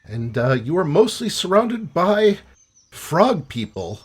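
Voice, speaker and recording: A man's voice: sits high, big pitch swings, slow pace, husky. A man narrating a tabletop game as game master, playful and descriptive, over a remote call microphone. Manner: playful, descriptive, laughs easily.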